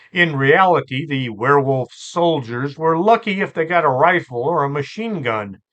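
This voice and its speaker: A man hosting a storytelling show, relaxed and chatty, with asides and fillers. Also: medium pitch, highs cut off. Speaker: host and storyteller. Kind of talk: conversational storytelling podcast.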